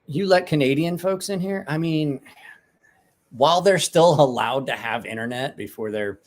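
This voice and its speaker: A man's voice: on the high side, moderate pace. A man casually chatting with viewers on a livestream, joking, rambling and swearing freely. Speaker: livestream host.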